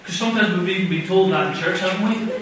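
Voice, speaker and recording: A man's voice: high-pitched, quick pace, fairly bright tone, slight background noise. A man preaching a sermon in a conversational way, often putting questions to his listeners. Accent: non-American. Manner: conversational, asks the audience questions. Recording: very echoey room, voice from far off.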